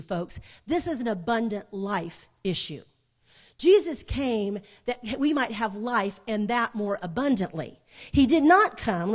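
A middle-aged woman, preaching a sermon built on a personal story, animated, with dramatic pauses and repetition. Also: a little high.

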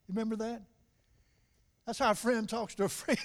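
A middle-aged male preacher with a high voice delivers a sermon. He swings from loud, emphatic lines to low, confiding asides. He slows down and stretches key words when he wants them to land.

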